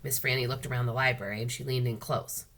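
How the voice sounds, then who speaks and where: Bright-voiced woman reading a storybook aloud. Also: extremely low pitch. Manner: expressive, unhurried storytelling. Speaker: school librarian reading aloud. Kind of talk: children's book read-aloud.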